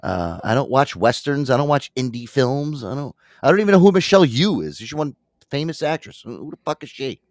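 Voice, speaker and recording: A man hosting a casual podcast, telling profane stories and acting out his friends' lines in quick voices. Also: medium pitch, no echo, clean studio sound. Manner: profane animated storytelling, acts out friends' lines. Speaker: podcast host.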